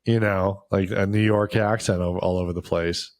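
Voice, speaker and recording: A middle-aged man with a Pacific Northwest accent, co-hosting a podcast in rambling, joking casual chat. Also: normal speed. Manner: rambling, joking, lively pitch. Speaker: podcast co-host.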